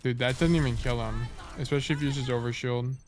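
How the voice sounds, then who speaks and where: A man's voice: medium pitch, fairly even intonation, quick pace, noisy background. Laid-back man coaching over a game replay. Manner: thinks aloud, trails off and corrects himself. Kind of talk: casual live-stream coaching commentary.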